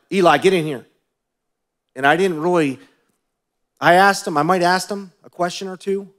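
Speaking on the high side, a male pastor tells personal stories in his sermon in a conversational way. He questions the congregation and frequently lowers his voice for quieter asides.

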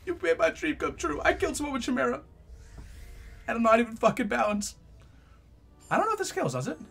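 Animated young man cursing over gameplay. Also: very high-pitched, fast, vocal fry, husky, soft background music. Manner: profane, trash-talking, swings between loud outbursts and mutters. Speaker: gaming YouTuber. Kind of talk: live gameplay commentary.

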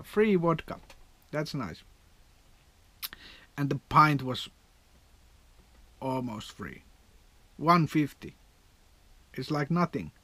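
Slow-talking Finnish man, rambling vlog. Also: medium pitch. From Finland. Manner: rambling, chatty storyteller with non-native grammar. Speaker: vlogger. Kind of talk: casual vlog chat.

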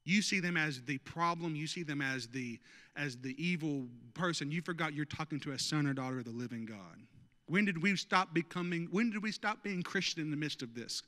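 High bright-voiced pastor in echoey church. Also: male voice, a little fast. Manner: conversational and joking with the congregation. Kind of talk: sermon. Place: church sanctuary. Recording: long church hall reverb.

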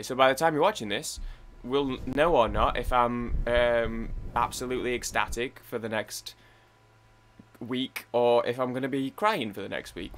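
Brief: young male gaming host, chatty rambling commentary, mid-pitched, stumbles over words. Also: a bit bright, slight background noise. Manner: rambling, chatty, talking to himself. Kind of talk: gameplay commentary.

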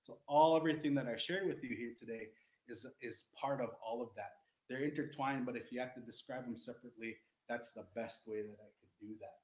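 A man's voice: medium pitch, fairly quick, a little mellow, roomy sound, poor audio. A man, an Indigenous educator, explaining culture in an earnest, rambling teaching talk full of restarts.

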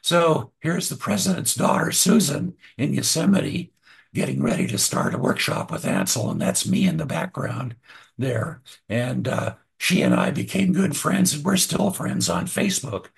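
An older man, a photographer, casually telling stories about his past work while showing slides, relaxed with frequent pauses and restarts. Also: medium pitch. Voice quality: husky and gravelly. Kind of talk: casual storytelling over slides.

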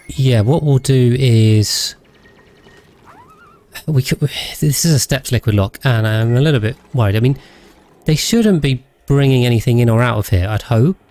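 A man's voice: mid-range voice, normal speed, a little mellow. A man rambling casually as he streams a game, thinking aloud and thanking his viewers. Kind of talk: casual gameplay livestream chat.

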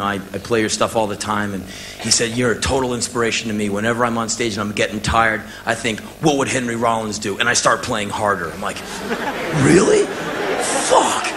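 An American man in his thirties telling a spoken-word story, acting out the people in it with shouts and laughs. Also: mid-range voice, a little hiss or hum. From United States. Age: 30s. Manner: animated, acts out quotes with shouts and laughs. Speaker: musician telling a story on stage.

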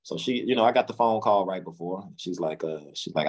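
A middle-aged man, an interview guest, telling his story casually in slangy speech, acting out quotes with sudden jumps in pitch. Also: fairly quick, hardly any pauses. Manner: loose, slangy, lots of restarts.

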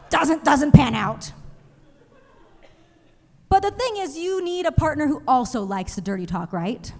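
High-voiced woman doing stand-up. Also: a little slow, long pauses. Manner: animated storytelling, acts out other people's voices. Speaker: stand-up comedian. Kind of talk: stand-up comedy set. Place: comedy stage in a museum venue. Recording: live show in a reverberant hall.

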